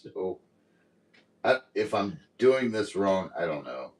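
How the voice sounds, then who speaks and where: A man's voice: deep voice, big pitch swings, slow pace, far from the mic, low-quality recording. A man co-hosting a podcast in casual chat, laid-back, with short replies and casual swearing. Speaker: podcast co-host.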